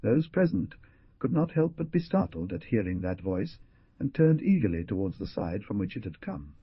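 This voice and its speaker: A man's voice: fairly low pitch, very animated, moderate pace, husky, no echo, dull audio. A man narrating an adventure novel audiobook with dramatic, swooping emphasis.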